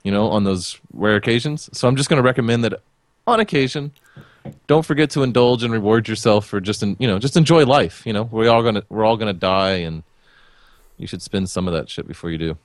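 A man's voice: lowish voice, a little fast, dry recording, clean studio sound. A young man co-hosting a casual podcast chat, blunt and swearing freely. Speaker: podcast co-host.

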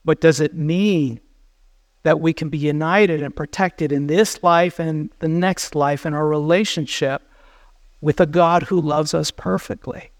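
A male pastor delivering a sermon with earnest urgency, pressing his listeners with repeated questions. His voice sits a little high for a man. The recording is dry and close, with no room sound. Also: fairly even intonation, measured pace, dry recording.

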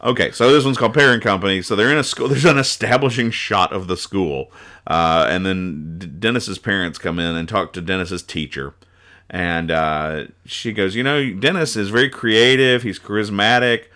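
A man hosting a comedy podcast who reviews comic strips in a loose, rambling way, full of sarcastic asides and chuckles. His voice is fairly low and has a bright, forceful edge. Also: normal speed. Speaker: podcast host.

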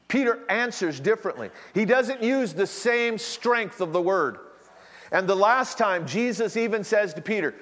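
A man preaching a sermon, telling stories with animated delivery and acting out the voices of those he quotes. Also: high-pitched, moderate pace. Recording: long hall reverb.

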